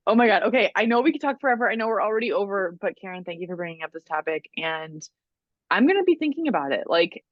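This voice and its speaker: A woman's voice: mid-range voice, no room sound, lo-fi sound. A woman co-hosting a podcast, telling stories in casual chat, full of "like"s and laughter. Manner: animated storytelling with many "like"s and laughs. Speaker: podcast co-host.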